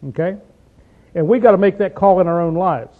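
A man preaching a conversational Bible study in a folksy, emphatic way, often checking in with "see?" and "okay?" and clearing his throat. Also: sits high, a little fast. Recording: tinny phone-like sound.

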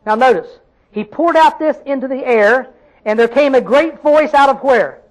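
A man preaches a sermon in a rural Southern American accent, his voice sitting unusually high for a man. He talks in a folksy, emphatic way, throwing questions out to the congregation and pressing his points home. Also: normal speed, poor audio.

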